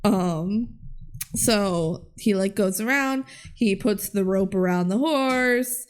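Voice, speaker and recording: A young woman co-hosts a podcast, recapping a movie in casual conversation. Her mid-range voice is slow and clean, and she giggles often and acts out quotes in bouncy voices.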